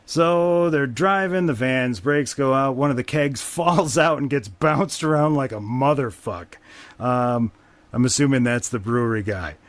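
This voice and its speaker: Speaking a little slowly in a mid-range voice with no echo, a male podcaster gives a rambling, wry recap of a movie. Fillers and profanity pepper his casual delivery.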